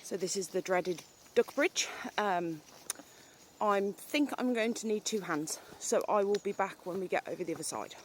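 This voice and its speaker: A woman in her thirties with a British accent talks into her phone while riding her horse through fields. She rambles in a relaxed, chatty way, full of ums, and sometimes turns to speak to the horse. Faint outdoor noise runs behind her. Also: medium pitch, moderate pace. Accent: British English. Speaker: vlogger. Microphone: phone held while riding. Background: outdoor ambience with animal sounds.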